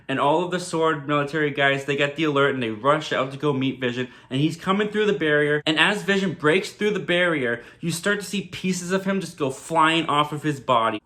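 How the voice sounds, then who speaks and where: A man recaps a TV episode in a loose, chatty way, leaning on "like" and "kinda". His voice sits a little high and sounds bright and forceful. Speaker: TV reviewer.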